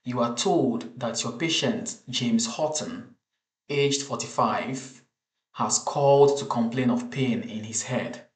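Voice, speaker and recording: A man teaching an exam case over slides, in a measured, explanatory way with frequent restarts. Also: mid-range voice. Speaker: medical exam tutor. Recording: roomy echo.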